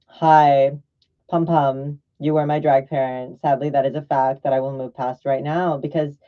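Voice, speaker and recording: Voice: medium pitch, steady tone, normal speed, highs cut off. A drag performer delivering a blunt, sassy vlog rant, swearing freely and drifting off mid-thought. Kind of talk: ranting vlog monologue.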